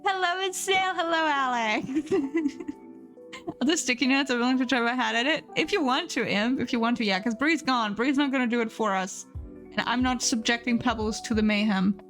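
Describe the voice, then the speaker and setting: A woman's voice: fairly high pitch, moderate pace, soft background music. A woman streamer chatting casually and playfully with her live chat, giggling often and reading messages aloud.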